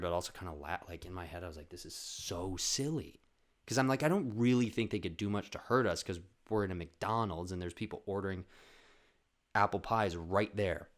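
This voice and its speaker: A man in his twenties from Canada, telling a comic story on his podcast, swearing freely and acting out other people's voices. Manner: animated, swearing, acts out voices with big pitch jumps. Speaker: podcast host. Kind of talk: comedic storytelling.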